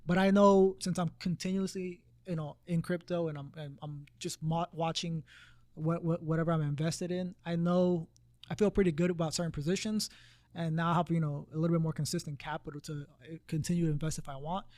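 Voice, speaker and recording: A man co-hosting a casual podcast, talking in a rambling, halting way with many restarts. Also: a little high, fairly even intonation, darkish tone, dry recording. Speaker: podcast co-host. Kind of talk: casual conversation.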